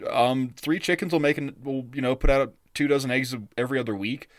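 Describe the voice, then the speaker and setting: A man co-hosting a podcast in a rambling, casual chat style, full of fillers and quick laughs. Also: mid-range voice, dry recording, studio quality. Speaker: podcast co-host.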